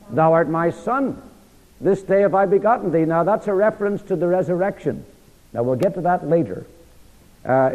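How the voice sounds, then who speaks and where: A man preaching an expository sermon, reading verses slowly and emphatically and quizzing listeners with "what?" before key words. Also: on the high side, a little mellow. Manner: reads scripture slowly and emphatically. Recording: dull recording in a large reverberant hall.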